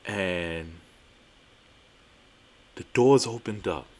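Low-voiced young man telling stories animatedly. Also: very slow, slight background noise. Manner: animated, profane, self-mocking, emphatic repetitions. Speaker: podcast host. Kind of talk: casual storytelling.

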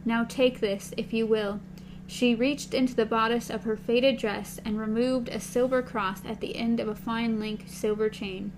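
A woman reading a novel aloud with a partner, giving the characters' lines in a soft, slow voice. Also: on the high side, fairly even intonation, noisy background. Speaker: reader.

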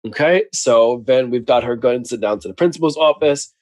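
A man's voice: mid-range voice, a little fast, a little mellow, no echo. A man co-hosting a podcast, chatting casually through a show recap, laughing often and acting out lines of dialogue. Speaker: podcast co-host.

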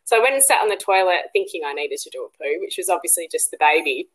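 A woman's voice: lowish voice, lively intonation, fast talker, slightly rough, low-quality recording. A woman guest on a podcast, telling a personal story casually, with many ums and restarts. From Western Australia. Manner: chatty, full of ums and restarts; acts out quoted dialogue in a livelier voice.

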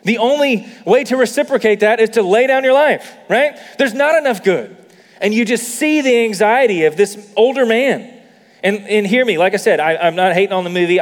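A man's voice: high voice, big-room sound. A man preaching a sermon as a pastor, conversational with many fillers, building to emphatic peaks.

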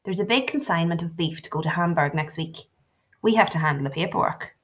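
A woman reading the part of a careful middle-aged father who speaks low and gently. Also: fairly quick, close to an everyday voice. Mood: explaining. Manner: low-voiced, reasoning, gentle.

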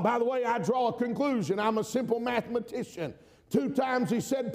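A middle-aged man from the US South with a Southern drawl, preaching a sermon, emphatic, often calling out amen and swinging between shouts and quiet asides. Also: very high voice, normal speed, long reverb tail. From Georgia, US South.

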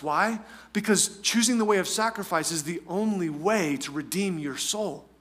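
A man's voice: high-pitched, pushed and bright. A man preaching a sermon as pastor, emphatic and repeating phrases for effect, with conversational asides and restarts.

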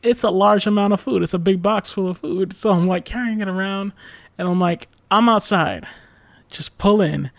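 Gravelly man telling a rambling story. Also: sits high, steady tone, fairly quick, dry recording, studio quality. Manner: rambling, filler-heavy, exasperated retelling with swearing. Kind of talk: casual storytelling chat.

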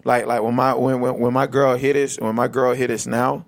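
Gravelly man with a Florida accent. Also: medium pitch, level tone, moderate pace. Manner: rambling, slangy, says "bro" a lot. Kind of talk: casual chat.

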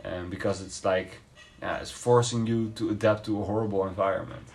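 A podcast co-host with a lowish, darkish voice speaks fairly quickly with fairly even intonation. In a casual debate he talks through his views thoughtfully but hesitantly, full of fillers and restarts.

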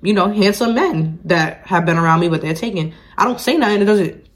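A woman's voice: mid-range voice, a little fast. A woman co-hosting a casual chat podcast, talking emphatically and repeating her points to drive them home. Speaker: podcast co-host.

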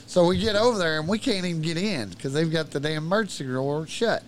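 A man's voice: fairly high pitch, fast, slight background noise. Profane man spinning a tall tale. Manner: profane, animated storyteller. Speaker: podcast guest. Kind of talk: casual storytelling.

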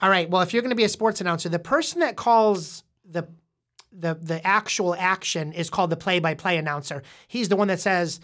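Low-ish, a bit bright and brisk, this woman's voice belongs to a casual podcast host interviewing a young child. She explains patiently and quizzes her guest, frequently restarting what she says again and again.

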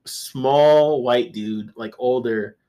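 A man's voice: medium pitch, extremely slow, dark tone. A man guest-hosting a podcast, telling rambling, profane anecdotes in casual chat, with restarts and laughter.

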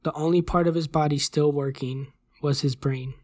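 A host reading a horror story aloud in a measured, even voice at a close mic. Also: medium pitch, dry recording. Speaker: host and narrator. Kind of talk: scripted horror story narration.

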